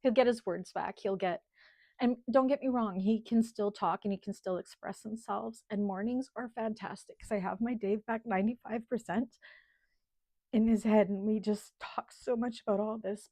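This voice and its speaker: A middle-aged woman, a channel host in casual livestream chat, talking in a heartfelt, halting way with many ums while holding back tears. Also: on the high side, warm tone, no echo, studio quality. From Canada.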